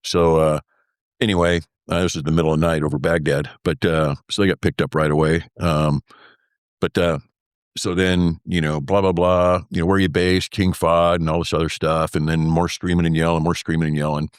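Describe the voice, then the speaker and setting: Deep-voiced older man telling a war story. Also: flat delivery, brisk, clean tone, no room sound, studio quality. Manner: rambling, full of fillers like "uh" and "anyway"; acts out remembered dialogue. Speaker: former military pilot telling his story as guest. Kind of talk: conversational storytelling interview.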